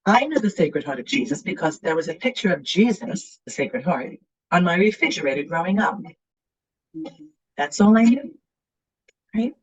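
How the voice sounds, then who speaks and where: Middle-aged woman telling her story, husky voice. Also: fairly low pitch, normal speed, long pauses. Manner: animated, acts out quoted voices. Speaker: guest author. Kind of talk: personal storytelling. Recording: muffled, lo-fi sound.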